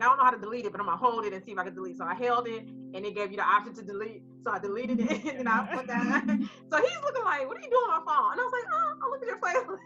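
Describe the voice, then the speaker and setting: A woman co-hosting a casual chat, telling a story in an animated way and acting out the voices of the people in it. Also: on the high side. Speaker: co-host. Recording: slightly muffled recording.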